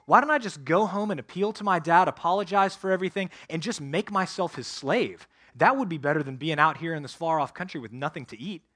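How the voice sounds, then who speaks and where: A man doing a broke, hungry younger son from a parable who talks himself into going home. He pleads with himself, a little higher and louder than his own voice. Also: animated, a little fast, hardly any pauses. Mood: pleading.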